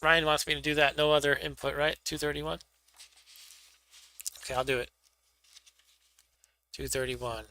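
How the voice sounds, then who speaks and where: A man's voice: fairly high pitch, fairly even intonation, normal speed, pauses often, bright, forceful tone, clean tone. A man hosting a stream, reading a gamebook aloud and joking casually between passages. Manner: offhand, joking. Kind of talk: casual chat and read-aloud narration.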